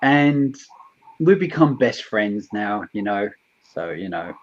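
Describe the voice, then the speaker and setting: A man, a guest on a stream, chatting in an animated, rambling way with some swearing. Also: lowish voice, slow pace, muffled recording, slight background noise. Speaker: guest youtuber. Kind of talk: casual chat.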